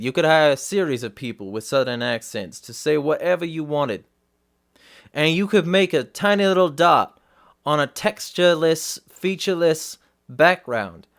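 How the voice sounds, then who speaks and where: A man's voice: on the high side, a bit bright. A man hosting a livestream, giving blunt, profane commentary and often restarting mid-sentence. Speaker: host.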